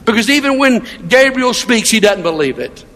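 High-voiced male pastor in a hall. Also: very animated, normal speed, a bit bright. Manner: storytelling, conversational, rhetorical questions. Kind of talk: sermon. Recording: long hall reverb.

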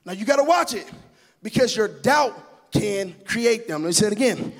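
A man preaching in a church with a strikingly high, husky voice that rises into chanted shouts. He tells stories with comic timing, and his words ring out with a long reverb from the big hall around him. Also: animated, moderate pace. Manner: chanting, shouted preaching cadence with humorous storytelling. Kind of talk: sermon. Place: church sanctuary.

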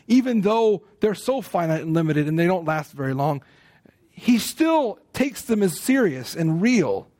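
Higher-voiced pastor, chatty and playful. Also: male voice, a little mellow. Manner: conversational, playful asides and laughs. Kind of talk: sermon.

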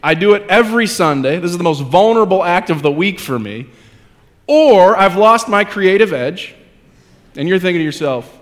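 A man with a high voice preaches a sermon. He talks conversationally and pokes fun at himself, then presses his point with emphatic repetition. His voice rings through the long reverb of a large hall. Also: lively intonation, normal speed. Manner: conversational, self-deprecating, builds to emphatic repetition. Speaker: pastor.

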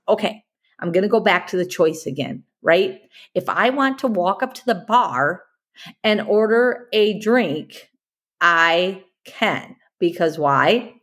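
A woman's voice: medium pitch, measured pace, fairly bright tone. Earnest woman podcast host. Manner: earnest, repeats points for emphasis, asks rhetorical questions. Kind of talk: motivational monologue.

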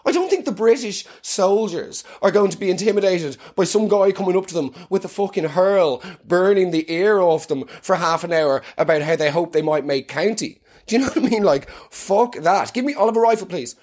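A man's voice: high-pitched, moderate pace, hardly any pauses, a little mellow. An Irish man, around thirty, delivering a swearing, self-mocking comic monologue. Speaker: comedian.

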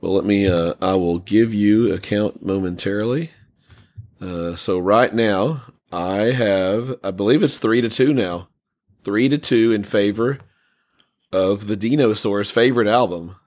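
Rambling, low-voiced male podcast host. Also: a little mellow. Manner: rambling, halting, with many fillers and restarts. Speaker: podcast host running a song vote. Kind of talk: casual chat.

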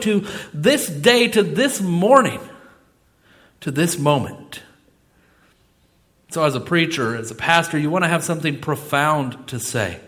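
Middle-aged pastor guy preaching in church, bright tense voice, pitch sits a bit high, gets loud then goes soft. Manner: emphatic preaching, swinging between loud exclamations and soft asides. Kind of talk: sermon. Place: church sanctuary.

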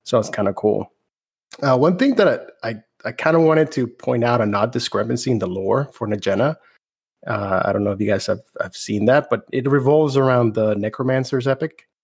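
Husky, chatty podcast co-host man. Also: mid-range voice, a little fast. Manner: chatty, hesitant, many restarts and asides. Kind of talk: casual gaming podcast chat.

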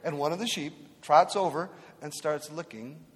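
A man's voice: fairly high pitch, moderate pace. A man preaching a sermon as pastor, telling humorous stories and acting out voices in them. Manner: storytelling, acts out voices in anecdotes. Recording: long hall reverb.

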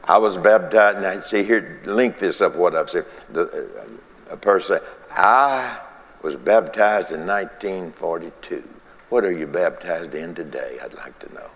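A man's voice: sits low, in a large hall. A man preaching a folksy sermon, repeating phrases and chuckling between points.

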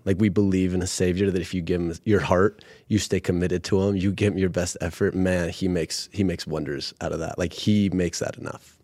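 Man, podcast co-host; low voice, relaxed casual delivery, dry sound. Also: brisk, few pauses, no echo. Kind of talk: casual faith-based podcast chat.

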